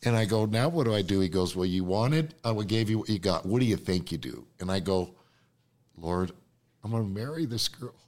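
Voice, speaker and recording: A man's voice: sits low, animated, fast, hardly any pauses, darkish tone. A man, a podcast guest, telling a story animatedly, acting out the voices he quotes and laughing often.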